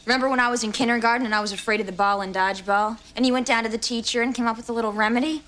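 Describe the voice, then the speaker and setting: A woman's voice: a little high, steady tone, very fast, fairly bright tone, a little hiss or hum, lightly acted. An actress playing a vain, self-absorbed teenage girl in a sitcom, with a ditzy, self-satisfied delivery. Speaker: teenage daughter.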